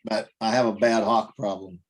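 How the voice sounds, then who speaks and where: A man's voice: lowish voice, fairly even intonation, normal speed, background noise. A man from central North Carolina, talking in a plain, conversational way on a call. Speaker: caller with a question.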